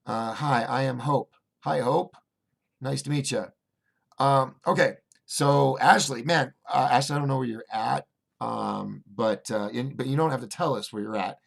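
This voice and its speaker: A man hosting a casual livestream, reading viewer chat aloud and rambling through restarts and fillers, swinging between excited bursts and low asides. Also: unhurried, gravelly. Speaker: host of a call-in livestream show.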